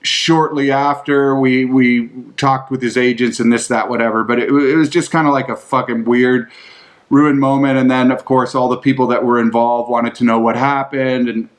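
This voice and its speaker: A man's voice: medium pitch, fairly even intonation, normal speed. A man hosting a podcast, answering listener questions with casual, rambling storytelling, swearing often and filling his talk with "like". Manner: profane, rambling, full of "like".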